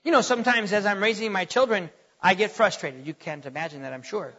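A man's voice: high voice, fast, bright, forceful tone, husky. A middle-aged man preaching a sermon with emphatic, dramatic swings in volume and pace, recorded with dull lo-fi sound and a long hall reverb.

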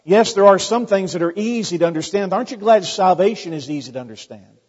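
A man preaches in a relaxed, folksy way, trading scripture talk for little stories. His voice sits a bit high and comes through husky. The recording is dull and lo-fi. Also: fast talker. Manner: folksy, conversational preaching with anecdotes. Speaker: pastor. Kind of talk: sermon.

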